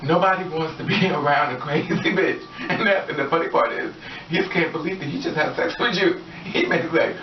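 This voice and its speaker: In dull, distant, roomy lo-fi audio carrying a bit of hiss or hum, a deep-voiced woman vlogs to camera at a slightly quick pace. Her casual monologue is sassy and profane, full of laughter and acted-out quotes of what people said.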